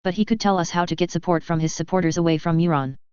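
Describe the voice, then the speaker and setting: A woman's voice: lowish voice, steady tone, quick pace, a little mellow, clean tone, no echo, close to an everyday voice. Woman doing a young male lord, earnest, dry, muffled lo-fi recording.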